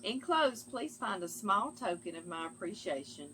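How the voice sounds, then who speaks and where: Here the cooking channel host, a middle-aged woman, chats warmly through her viewer mail at a moderate pace, her medium-pitched, fairly bright voice swinging widely in pitch. She keeps calling listeners "girl" and "y'all," with a faint hiss or hum in the background.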